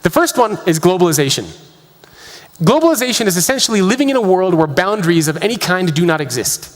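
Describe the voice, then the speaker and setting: Keynote speaker, male, high and animated voice, energetic storyteller, echoey conference hall. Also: fast. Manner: energetic, rhetorical questions to the audience. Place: large conference hall with live audience.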